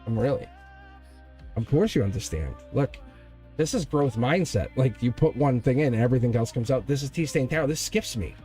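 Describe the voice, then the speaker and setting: A man's voice: mid-range voice, animated, fairly quick, warm tone, faint music behind. A man in his forties hosting a live tarot stream, talking in an emphatic, rambling way and laughing between points. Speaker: tarot reader and livestream host.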